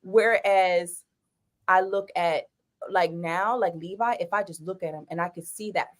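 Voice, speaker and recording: A woman hosting a casual parenting chat and telling stories in an animated, chatty way, often laughing. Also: on the low side, a little slow. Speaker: podcast host and mother.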